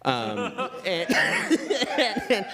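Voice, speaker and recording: A man's voice: high-pitched, wildly swooping pitch, extremely slow, a loud crowd. A man doing a live stand-up set on a club stage, telling a crude, self-mocking story and laughing at his own lines. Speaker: stand-up comedian.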